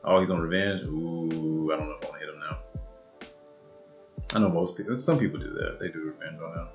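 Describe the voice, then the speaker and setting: A man giving live commentary on his own game match, swearing often and swinging from low muttering to loud outbursts. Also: a little fast, faint music behind. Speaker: gamer and video creator.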